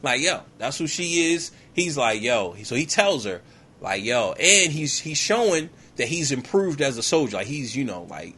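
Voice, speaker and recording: A man hosting a podcast, retelling a movie in a slangy, animated comic style full of "yo, man," slipping in quick character voices. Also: mid-range voice, breathy edge. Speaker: podcast host. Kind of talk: comedic movie recap.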